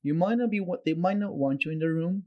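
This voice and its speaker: A man, a podcast guest, telling stories in a conversational way, animated and acting out quoted voices, with many restarts. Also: high voice, quick pace, highs cut off. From Canada. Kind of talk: conversational storytelling.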